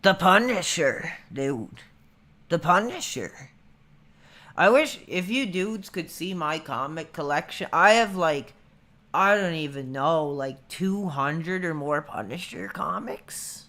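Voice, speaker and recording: Man, 30s, livestream host; casual rambler, bright edgy tone. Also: a little high, lively intonation, slow pace. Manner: rambling, laid-back, says dude a lot. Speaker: streamer.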